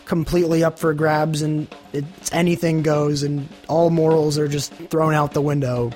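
Chatty teenage guy with a slightly high voice. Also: level tone, moderate pace, a little mellow, soft background music. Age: late teens. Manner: chatty, lots of "like" fillers. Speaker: interviewee. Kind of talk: casual interview talk.

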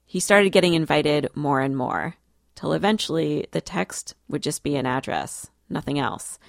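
A woman reporter telling a story in measured, scripted radio narration. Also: sits low, gravelly, no room sound, clean studio sound.

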